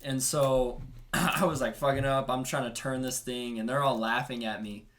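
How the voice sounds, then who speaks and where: A man's voice: medium pitch, fairly even intonation, moderate pace, fairly bright tone. A man chatting as a podcast guest, rambling through a story and laughing often. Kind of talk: casual podcast chat.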